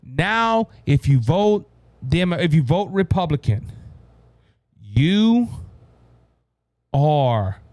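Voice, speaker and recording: A man with a Cajun Louisiana accent hosting a solo political show, emphatic and repeating "ladies and gentlemen" with frequent restarts. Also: a little high, very animated, very slow, pauses often, no echo. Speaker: political podcast host.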